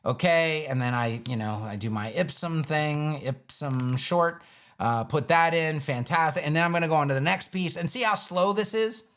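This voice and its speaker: A man's voice: on the high side, moderate pace, fairly bright tone. A man teaching web design on a live stream, talking casually through each step as he builds a page on screen.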